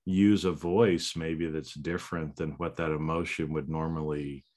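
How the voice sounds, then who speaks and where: A man with a very low voice hosts a relaxed podcast conversation. He talks in an animated, easygoing way and slips into playful, silly voices to make a point. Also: moderate pace. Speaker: podcast host. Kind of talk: casual conversation.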